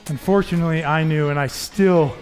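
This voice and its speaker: Faint background music accompanies a male coach whose voice is a little high and darkish, with fairly even intonation and a slightly fast pace. He leads the workout upbeat and encouraging, counting reps and cueing form.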